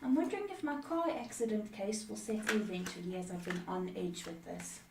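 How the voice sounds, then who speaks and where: A woman's voice: medium pitch, fairly quick, gravelly, dark tone. A woman co-host reading viewers' questions aloud. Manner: reads out questions. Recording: distant echoey mic, faint noise.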